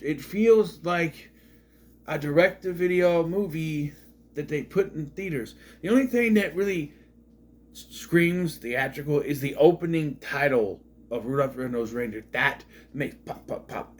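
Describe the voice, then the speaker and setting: A man's voice: a little high, unhurried. Rambling sarcastic male movie reviewer. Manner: rambling, sarcastic, repeats himself. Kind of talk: casual review monologue.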